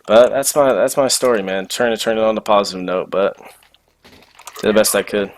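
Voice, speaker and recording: A young man telling a story casually, animated and full of slang and swearing. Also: fairly low pitch, a little fast.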